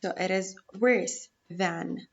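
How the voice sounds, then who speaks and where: A woman's voice: fairly low pitch, slow, gravelly, dull audio, slight background noise. A woman whose first language is Arabic, teaching an English grammar lesson patiently, repeating rules and checking in with "okay?".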